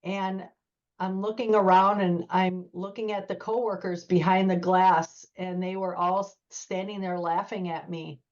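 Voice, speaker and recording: A woman's voice: fairly low pitch, flat delivery, unhurried, darkish tone, dull audio. A woman guest, a former corrections officer, earnestly telling a personal story in an interview and acting out the dialogue as she goes. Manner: earnest, vivid retelling with quoted dialogue.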